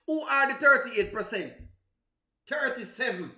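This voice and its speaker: A man's voice: very high voice, expressive, unhurried, pushed and bright, echoey room. A man with a Jamaican accent chatting casually on a livestream, answering viewers, laughing often and exclaiming to himself. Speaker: livestream host.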